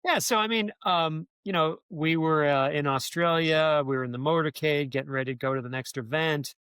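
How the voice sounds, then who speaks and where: A man's voice: fairly high pitch, brisk, fairly bright tone, smooth, no echo. Man telling stories with lots of fillers. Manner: rambling, many restarts and "you know" fillers. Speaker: guest, former speechwriter. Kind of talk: conversational interview storytelling.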